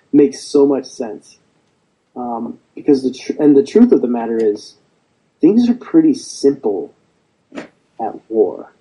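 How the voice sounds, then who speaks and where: A man's voice: mid-range voice, lively intonation, unhurried, pauses often, dark tone, breathy edge, poor audio. A man, a veteran guest, speaking bluntly and with frequent swearing in a conversational interview. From United States. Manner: blunt and profane, storytelling.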